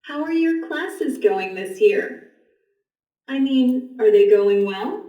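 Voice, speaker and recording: Woman reading textbook questions slow and clear, mellow tone, echoey far away playback. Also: fairly high pitch, lively intonation. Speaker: textbook audio speaker. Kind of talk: scripted example questions. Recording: textbook audio played in an echoey room from far off.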